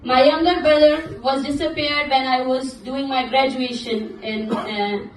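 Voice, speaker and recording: A young woman from Balochistan, Pakistan, giving an earnest speech as an activist at a forum, halting and restarting when she leaves her script. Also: sits high, steady tone, slight background noise. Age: young adult. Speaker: activist speaker. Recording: echoey hall, mic at a distance.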